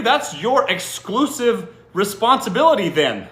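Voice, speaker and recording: A man with a fairly high, pushed, bright voice and lively intonation speaks at a measured pace in an echoey indoor room. He's a livestream host giving blunt, teasing advice in reply to viewer comments, swearing freely and frequently asking "what?" in disbelief.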